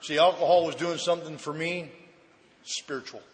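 A man giving a personal recovery testimony at a meeting, telling his story lively and acting out the dialogue. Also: a little high, normal speed. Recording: echoey hall.

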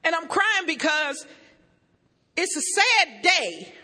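A woman giving a humorous testimony to an audience as a recovery meeting speaker, animated and joking with bursts of shouting. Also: very high-pitched, slow. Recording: echoey hall.

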